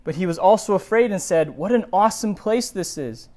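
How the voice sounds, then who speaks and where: A male pastor giving a sermon, reading scripture aloud and breaking off into animated, digressive asides. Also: sits high, fairly quick.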